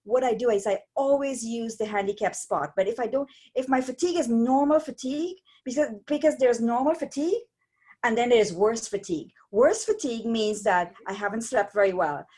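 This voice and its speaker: A woman, a stroke survivor telling her story as an interview guest in a rambling, animated way with many restarts. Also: a little high, a little fast, slightly rough. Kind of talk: casual interview chat.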